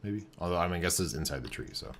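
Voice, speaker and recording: Deep-voiced man narrating his game build. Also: slight background noise. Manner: thinking aloud, relaxed, halting with fillers and restarts. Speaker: game streamer. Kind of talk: casual commentary while building in a game.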